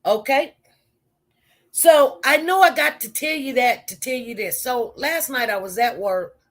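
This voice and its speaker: A woman's voice: high voice, unhurried. Rambling woman telling a work story. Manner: rambling, repetitive, talks straight to viewers. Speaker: nurse. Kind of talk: casual live-stream storytelling.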